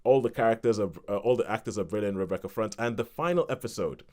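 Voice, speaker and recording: A man's voice: on the low side, fast, dark tone. A man co-hosting a podcast, chatting casually and rambling through a review with laughs between points. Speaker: podcast co-host.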